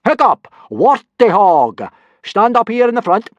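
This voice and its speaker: A man's voice: sits high, sing-song, a little slow, no echo, dull audio, pitched above the performer's own voice. A man voicing a huge male Viking teacher who bellows and roars at his class, in a storybook reading. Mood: yelling. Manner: bellowing, roaring.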